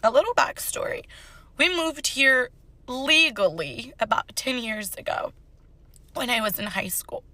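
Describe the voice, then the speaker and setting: A young woman in her twenties speaks in a high, bright voice, sharing a personal story straight to the camera. The recording is dry and close, with no room sound. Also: expressive, measured pace, no room sound. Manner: direct, conversational. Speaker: storyteller on social video.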